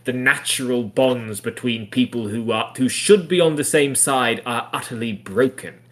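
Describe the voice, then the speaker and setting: A man co-hosting a casual podcast discussion, wry and analytical, sometimes acting out characters with big jumps in pitch. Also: moderate pace, a bit bright. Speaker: podcast co-host. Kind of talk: casual book-club discussion.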